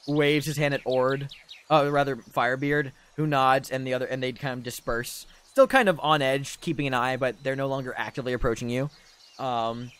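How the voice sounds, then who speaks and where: A man narrates a tabletop game as dungeon master. His voice sits at a middle pitch, and his narration is loose and rambling, full of fillers. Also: clear, resonant tone.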